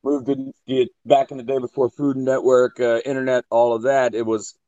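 A man, a chef and food safety trainer, talking casually in halting bursts full of fillers, blunt and quick to swear. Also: mid-range voice, level tone, dark tone, no echo, muffled recording. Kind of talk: casual podcast chat.

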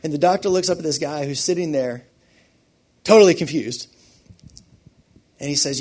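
Animated preacher, a man with a fairly high voice. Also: a little fast, pauses often. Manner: animated, swings between loud emphasis and quiet asides, laughs often. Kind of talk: sermon.

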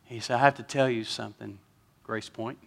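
A man's voice: medium pitch, fairly even intonation, brisk, creaky. A man, a pastor telling an emotional story during a sermon and getting choked up at times.

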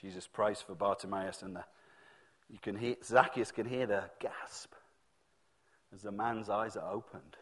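A man's voice: on the low side, fairly even intonation, unhurried, long pauses, a bit bright, slightly rough. A man preaching a sermon in a conversational storytelling manner, acting out the voices he quotes.

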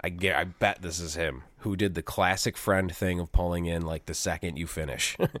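Low-voiced man telling a laid-back story. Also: fairly even intonation, a little fast, a bit bright, no room sound. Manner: laid-back storyteller, profane, laughs often. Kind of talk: casual chat.

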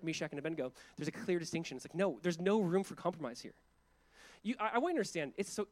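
A man's voice: a little high, no echo. A male pastor preaching a sermon in a conversational, emphatic way, with asides and chuckles.

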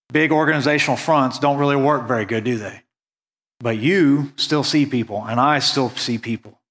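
American guy preaching, earnest and chatty, mid-pitch voice, slows way down to hit the big points. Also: a bit bright. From United States. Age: adult, went on a mission trip after high school. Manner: earnest, conversational preaching with emphatic slow stresses. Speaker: pastor. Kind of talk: sermon.

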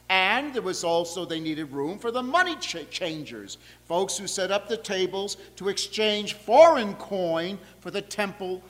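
Man, sermon, slow deliberate preaching, swooping pitch, reverberant church sanctuary. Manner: expressive, deliberate preaching with lively emphasis. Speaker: pastor. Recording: long reverb of a church hall.

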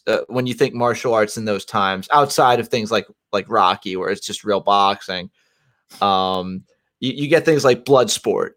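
A man in a casual podcast chat who starts slowly and works his way thoughtfully into a question. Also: mid-range voice, fairly bright tone. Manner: hesitant, thoughtful, asks questions.

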